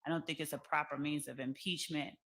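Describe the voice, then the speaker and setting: A woman attorney making a legal objection in court, measured, with occasional fillers. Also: medium pitch, fairly even intonation, pushed and bright.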